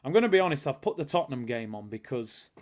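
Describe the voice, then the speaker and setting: A man with a medium-pitched voice talks at a quick pace while hosting a live football watch-along stream. He chats casually, reads viewers' super chats out loud, and makes excited calls on the match.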